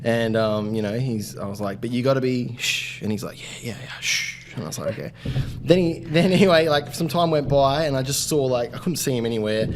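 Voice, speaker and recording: A man on a hospitality podcast, telling work stories in a casual, animated way, laughing and swearing freely. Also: medium pitch, a little fast, background noise. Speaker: podcast co-host. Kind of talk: casual storytelling.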